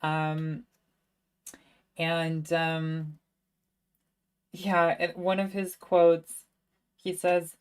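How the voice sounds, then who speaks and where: A woman's voice: sits low, completely flat delivery, drawn-out words, long pauses, clear, resonant tone. A young woman, a student, chatting casually on a livestream and answering viewer questions, self-mocking and laughing often.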